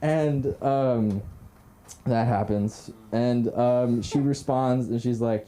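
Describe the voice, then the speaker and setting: A young man at an open mic on a comedy club stage rambles through a self-deprecating stand-up story, full of fillers and restarts. He speaks slowly with a medium pitch, a steady delivery and a warm tone.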